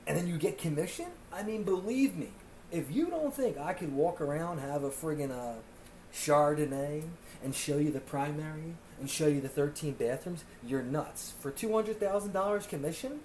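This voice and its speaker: Male podcast host on a comic rant, animated delivery with mocking impressions, faint noise behind. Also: a little high. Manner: animated, mocking put-on voices when quoting others. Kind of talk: comedic rant. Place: Miami area.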